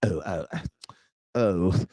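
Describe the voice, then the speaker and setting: A man mocking a smug ex-partner in a low, mumbling, hesitant voice. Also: extremely slow, dark tone, dry recording, clean studio sound, exaggerated voice. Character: smug self-satisfied ex-partner, adult.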